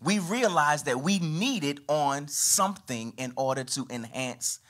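In a church, a pastor with a slightly high male voice preaches unhurriedly and with animation. His pitch and volume sweep widely, sometimes punching out a phrase, sometimes falling low and quiet.

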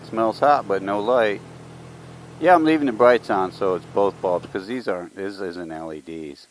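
This is a motovlogger on the move, telling rambling, chatty stories as casual commentary for his vlog. His pitch is fairly low and his speed normal. The helmet-mic recording is rough, with wind and road noise from riding outdoors.

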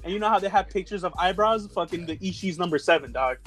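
A man with a high voice chats on a podcast, swearing freely and getting excited as he jokes around. A faint bed of music sits underneath him. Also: fast talker. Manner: profane, excitable, joking. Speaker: podcast co-host. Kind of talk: casual chat.

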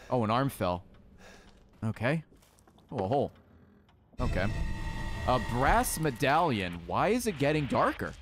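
A man's voice: medium pitch, background noise. A male streamer giving profane, jumpy commentary while playing a horror game, yelping when startled. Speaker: gaming streamer. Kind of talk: reactive gameplay commentary. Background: horror game music and sounds.

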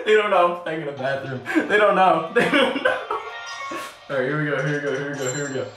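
A woman streaming a game, excitable and swearing often, yelling when she scores. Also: low voice, very fast. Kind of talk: live game stream commentary. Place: bathroom. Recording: echoey bathroom, distant from mic, faint game music.

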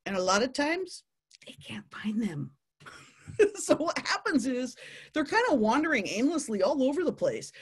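A woman telling a playful nature story to families, animated and laughing often. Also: high voice, moderate pace, slightly rough.

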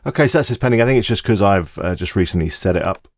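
A man with a low, gravelly voice talks through a screen-recorded tutorial, easy and casual, thinking aloud as he clicks. The sound is close and dry, with no room around it. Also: lively intonation, quick pace, no room sound. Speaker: tutorial host.

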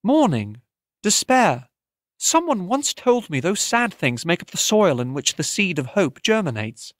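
A male narrator voicing a gentle, hopeful young woman who speaks softly and thoughtfully. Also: high-pitched, very animated, a little slow, dry recording, pitched above the performer's own voice. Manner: soft, thoughtful and consoling.

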